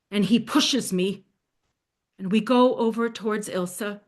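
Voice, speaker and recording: A woman telling a dramatic story in the first person, speaking in a hushed voice that often sinks to a soft near-whisper. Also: mid-range voice, moderate pace.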